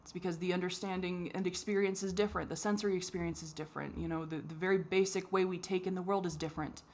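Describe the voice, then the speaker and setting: A woman giving a candid personal monologue for her vlog, halting and frustrated, with many restarts and fillers and the odd swear. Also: on the low side, fairly even intonation, darkish tone. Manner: swears when exasperated. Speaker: vlogger.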